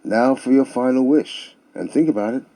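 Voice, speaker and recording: A man's voice: mid-range voice, moderate pace, mellow, natural voice, rough recording. A man voicing a sly, scheming female genie with an understated delivery.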